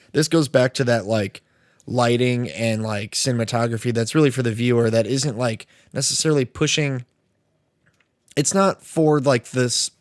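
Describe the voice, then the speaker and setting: A man's voice: mid-range voice, no room sound, studio quality. A young man co-hosting a podcast, chatting casually about movies in a rambling way, full of fillers and swearing. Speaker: podcast co-host.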